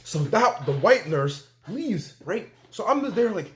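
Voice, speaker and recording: A young man telling a storytime vlog, excitable and slangy, repeating filler phrases and acting out quoted dialogue. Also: high voice, measured pace, hardly any pauses.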